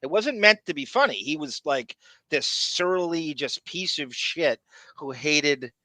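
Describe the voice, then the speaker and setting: A man hosts a casual livestream podcast with a bright, forceful voice. He talks in an animated, chatty way, laughing as he goes. The sound is dry and close, with no room around it. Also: on the high side, measured pace, no room sound. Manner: animated, laughs often, reads viewer messages aloud. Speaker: podcast host.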